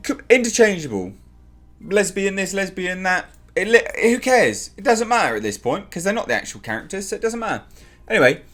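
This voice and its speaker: A man's voice: big pitch swings, brisk, a bit bright. A man reviewing a TV show in a ranting vlog, sarcastic and exasperated, swearing and repeating himself for emphasis. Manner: exasperated, sarcastic, mocks characters in high put-on voices.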